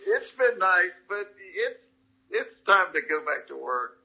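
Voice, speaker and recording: Husky bright-voiced Southern man telling stories. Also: sits high, lo-fi sound. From Georgia, US. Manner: animated, folksy anecdotes with quick restarts. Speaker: comedian guest. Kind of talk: casual interview storytelling.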